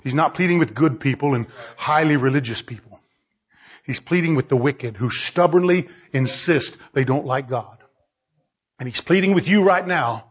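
A man preaching a fiery sermon, pleading and shouting at the peaks, then dropping low and quiet. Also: normal speed, husky, dull audio.

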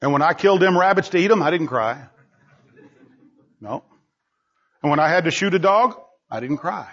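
On a muffled, low-fidelity recording, a male preacher moves from booming to quiet in an emphatic sermon built on rhetorical questions. His voice sits fairly high, with lively intonation and a normal pace.

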